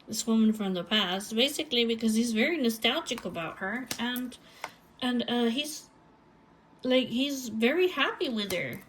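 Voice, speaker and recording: A woman giving a tarot reading, talking haltingly and searching for words, often phrasing what someone might say. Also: fairly high pitch, animated, a little hiss or hum, low-quality recording. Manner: speaks lines as if voicing someone else. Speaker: tarot reader.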